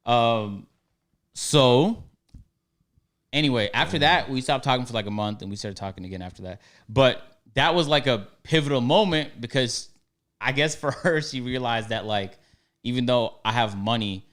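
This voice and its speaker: A man's voice: medium pitch, animated, moderate pace, fairly bright tone. A young man casually telling a story on a podcast, acting out both sides with slang.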